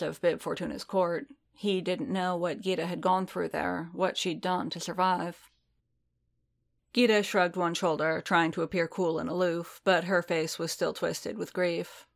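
A woman reading fan fiction aloud in a steady storytelling manner. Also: on the low side, gravelly. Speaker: narrator.

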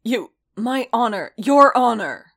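A woman voicing a hulking, wounded male warrior who snarls and shouts in fury and pride. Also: fairly high pitch, very animated, slow pace, vocal fry, pitched above the performer's own voice, heavily acted. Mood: furious.

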